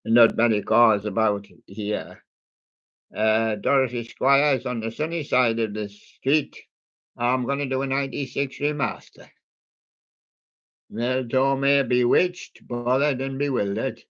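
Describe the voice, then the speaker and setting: A man hosting a livestream, chatting slowly and jokily as he reads out a list of old songs, with many ums and rambling asides. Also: mid-range voice, fairly even intonation, a bit bright, muffled recording. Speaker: livestream host reading out a music playlist. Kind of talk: casual running commentary between old songs.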